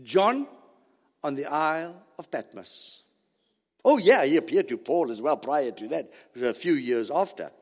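A man preaching a sermon, emphatic and repetitive, building to near shouts. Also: on the high side, very animated, a little slow. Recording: long hall reverb.

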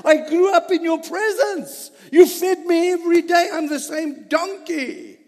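A man preacher voicing a hurt, bewildered talking donkey in a high pleading tone. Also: a little slow, a little mellow, long reverb tail.

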